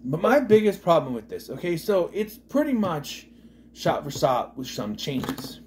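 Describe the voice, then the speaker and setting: A man's voice: a little high, sing-song, measured pace, a little hiss or hum. A man giving a casual, rambling movie review, trailing off with lots of asides. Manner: rambling, full of "you know" and restarts.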